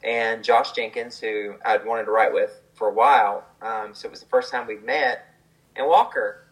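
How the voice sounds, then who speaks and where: A man's voice: fairly low pitch, fairly even intonation, moderate pace, poor audio. A man, a songwriter, telling a story in a casual, chatty way, with lots of fillers and the odd laugh.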